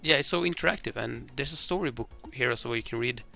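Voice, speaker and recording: A man playing a board game alone, reading the rules and story cards aloud and thinking out loud with hesitant restarts. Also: mid-range voice, fast talker, creaky, faint music behind. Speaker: board game player demonstrating a game.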